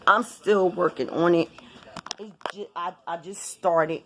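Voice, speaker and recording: A woman vlogger talking casually and bluntly to her viewers, cursing often in an animated, informal way. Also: on the low side, a little slow, noisy background. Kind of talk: casual vlog rant.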